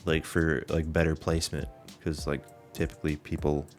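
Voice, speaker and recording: A man with an extremely deep voice hosts a casual podcast chat. He tells a story in a loose, meandering way, full of "like" and "um" and frequent swearing. Faint music sits underneath his voice. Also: level tone, moderate pace. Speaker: podcast host.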